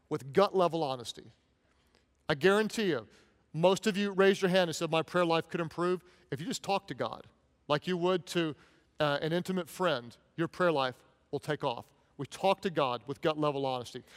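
A pastor delivers a sermon in a relaxed, conversational, animated way, acting out the prayers he quotes with little voices for the people involved. His voice sits high for a man. Every phrase trails off into the long reverb of a large church hall.

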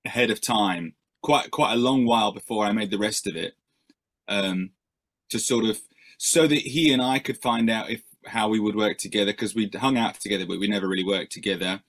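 A man's voice: fairly low pitch, a little fast, fairly bright tone. A male musician answering interview questions in a rambling, self-deprecating way, with many fillers and restarts.

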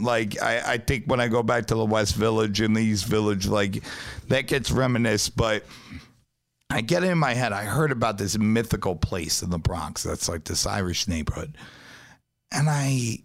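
A man's voice: lowish voice, moderate pace, gravelly. Profane New York man telling stories. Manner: profane, animated storytelling. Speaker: podcast host, pizzeria owner. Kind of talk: casual storytelling chat.

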